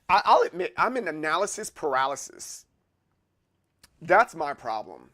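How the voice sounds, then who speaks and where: A man hosting a casual live stream, chatting with his viewers in a rambling way, with many restarts and bursts of excitement. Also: a little high. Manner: rambling, restarts a lot, chuckles and gets excited. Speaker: livestream host. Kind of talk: casual chat answering live chat.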